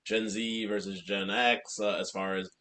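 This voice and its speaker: A male podcast host asking questions in a relaxed way, trailing off with fillers. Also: lowish voice, a little slow. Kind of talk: interview questions.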